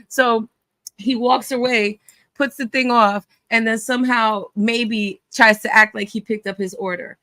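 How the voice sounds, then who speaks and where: A woman's voice: fairly high pitch, fairly even intonation, normal speed, pushed and bright, no echo. A woman hosting a casual online chat, telling a story in a blunt, mocking way. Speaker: host.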